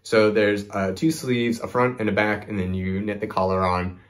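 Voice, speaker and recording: A man's voice: fairly low pitch, level tone, normal speed. A young man hosting a knitting video, chatting casually to camera with lots of "like" and "um". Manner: chatty, rambling, frequent "like" and "um". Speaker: knitting podcast host.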